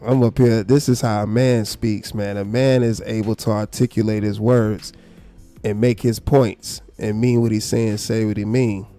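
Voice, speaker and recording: A man hosting a live stream, giving casual commentary in a calm, low, unhurried tone, blunt and profane. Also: faint music behind.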